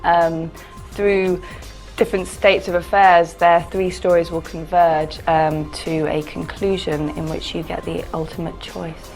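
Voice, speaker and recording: A woman's voice: lowish voice, level tone, a little slow, darkish tone, faint music behind. A woman game developer answering interview questions hesitantly, with many ums.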